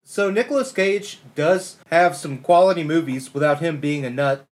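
High-pitched male guest, dry and halting, casual review chat.

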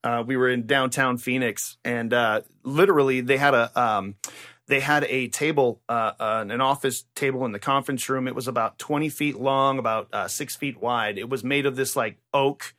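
A man's voice: mid-range voice, normal speed. A man co-hosting a comedy podcast, rambling and swearing in casual chat. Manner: profane, rambling, animated. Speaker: podcast co-host.

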